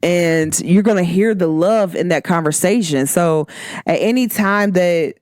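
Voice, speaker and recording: A woman's voice: on the low side, unhurried, darkish tone, no echo, studio quality. A young American woman from Cincinnati with a Midwestern accent, hosting a podcast in a candid, emphatic, slangy monologue. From Cincinnati, Ohio, USA. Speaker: podcast host. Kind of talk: casual monologue.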